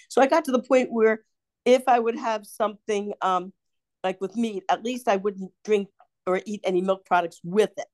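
A woman's voice: mid-range voice, moderate pace, a little mellow. An older woman with a Baltimore accent, chatting casually with her son and telling rambling stories full of restarts and laughs. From Baltimore area. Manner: rambling storyteller, laughs often, many restarts. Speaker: podcast co-host, mother. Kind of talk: casual family chat.

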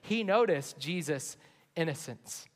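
A man's voice: fairly high pitch, lively intonation, unhurried. A man, a pastor, preaching an earnest sermon to his church and reading scripture aloud. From United States. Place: large church sanctuary. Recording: long hall reverb.

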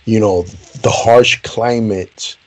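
A man's voice: lowish voice, fairly even intonation, slow pace. A veteran man chatting casually, emphatic and profane, calling his guest bro. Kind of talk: casual chat.

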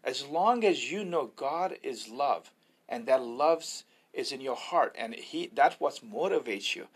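A man's voice: mid-range voice, expressive, a little slow, breathy edge. A man, an evangelist, sharing a personal faith testimony in an earnest, preacherly way, often quoting scripture.

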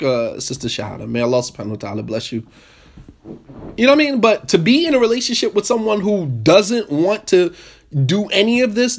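Higher-voiced man teaching a group. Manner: lively, questions the audience, repeats points for emphasis. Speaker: marriage workshop speaker. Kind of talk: interactive talk to a live group.

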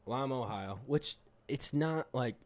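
A man's voice: mid-range voice, lively intonation, a little slow. Profane rambling male storyteller. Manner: rambling, profane, laughs often, acts out quotes. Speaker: pipeliner telling stories. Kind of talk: casual storytelling chat.

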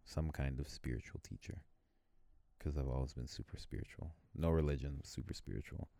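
A man's voice: a little fast, creaky, dark tone, dry recording. A man casually chatting and telling rambling stories, often mimicking other people. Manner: rambling storyteller, mimics people in high voices. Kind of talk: casual chat.

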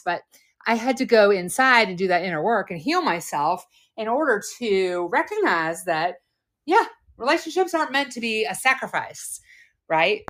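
A woman in her forties co-hosting a podcast, talking candidly and earnestly about her own past, often trailing off softly. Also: mid-range voice. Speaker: podcast co-host.

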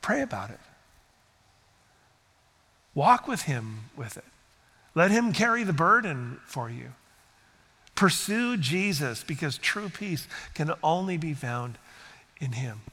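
A man's voice: fairly high pitch, very animated, slow pace, pushed and bright, long reverb tail. An older man preaching a sermon as a pastor, speaking conversationally and earnestly, sometimes acting out what people say. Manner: conversational, earnest, acts out quotes. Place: church sanctuary.

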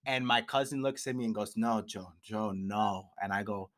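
A man's voice: fairly low pitch, moderate pace. Young man telling stories, swearing freely. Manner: animated storyteller, swears a lot, shouts in impressions. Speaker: podcast co-host. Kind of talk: casual chat.

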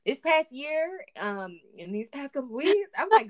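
A woman co-hosting a faith podcast, chatting expressively with frequent laughs and sudden upward swings in pitch. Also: very animated, measured pace, few pauses. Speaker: podcast co-host.

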